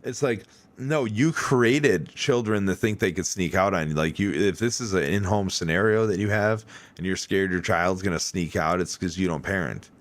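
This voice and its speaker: A man hosting a podcast, chatting casually and telling animated, rambling stories full of fillers. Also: sits low, normal speed, no echo. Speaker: podcast host. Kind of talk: casual chat.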